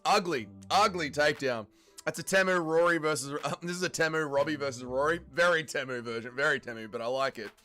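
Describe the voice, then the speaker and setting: A young man hosting a fight watch-along stream, chatting loosely and swearing freely, sometimes yelling. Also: fairly high pitch, quick pace, soft background music. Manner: swings from yelling and swearing to laid-back chat. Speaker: livestream host. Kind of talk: casual live fight watch-along chat.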